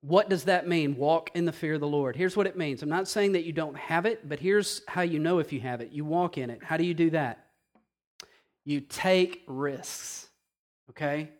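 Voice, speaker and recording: A man preaching a sermon, animated and emphatic, repeating key phrases and speaking straight to the congregation. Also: fairly high pitch, moderate pace. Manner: animated, emphatic preaching with repetition and direct address. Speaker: pastor.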